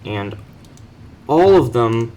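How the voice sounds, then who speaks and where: A man's voice: medium pitch, very animated, extremely slow, mellow, lo-fi sound. A young man casually walking through his game base, rambling, correcting himself and making dry offhand jokes. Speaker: player giving a base tour. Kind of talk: casual game walkthrough commentary.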